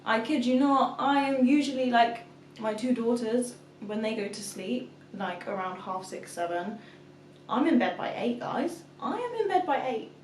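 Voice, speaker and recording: A young mother of two, a vlogger, chats casually to camera, telling a story and acting out her toddler's calls. Her fairly high voice has lively intonation at normal speed, recorded in an echoey room with the mic at a distance and slight background noise.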